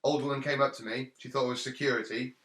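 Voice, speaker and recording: A man's voice: mid-range voice, steady tone, fast, a bit bright. A man hosting a podcast, telling self-deprecating stories in casual chat. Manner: storytelling, jokey, self-deprecating. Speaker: podcast host. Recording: roomy echo.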